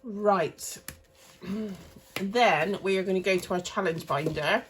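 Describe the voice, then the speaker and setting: This cash stuffing vlogger, a woman in her thirties, talks slowly in a medium-pitched voice while she budgets. Her casual chat rambles and she often corrects herself. A faint hiss or hum sits under the recording.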